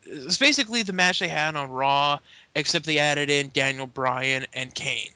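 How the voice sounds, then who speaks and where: Man, podcast host, rambling recap, bright high voice, dry sound. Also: moderate pace, no echo. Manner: rambling recap with filler and acted quotes. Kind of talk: casual chat. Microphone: remote call mic.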